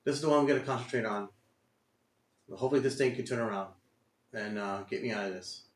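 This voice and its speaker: A man's voice: mid-range voice, fast talker, reverberant. A man streaming his day trading live, talking to himself and exclaiming in frustration at the market. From Texas.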